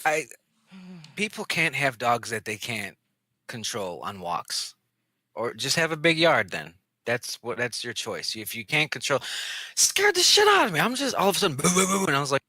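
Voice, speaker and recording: A man co-hosting a podcast, telling a story in casual chat, animated and swearing freely, acting out the voices. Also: mid-range voice, normal speed, no echo. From Illinois area, USA. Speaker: podcast co-host.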